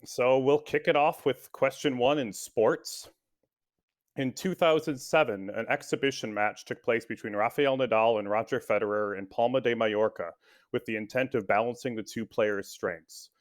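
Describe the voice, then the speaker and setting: A man's voice: medium pitch, fairly even intonation, moderate pace. A man from the Minneapolis area hosting a trivia podcast game, easygoing and careful reading questions. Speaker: guest quiz host.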